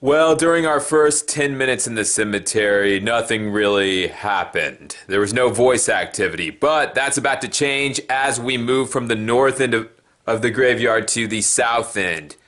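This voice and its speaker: A man's voice: medium pitch, moderate pace, a bit bright. A man hosting a paranormal investigation show, narrating a ghost hunt in an earnest, plain-spoken way.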